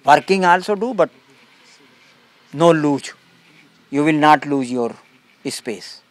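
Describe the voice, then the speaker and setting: Slow, calm spiritual teacher, man. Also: fairly high pitch, no room sound. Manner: simple broken English, repeats short phrases; calm, emphatic contrasts. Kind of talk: spiritual talk to a gathering.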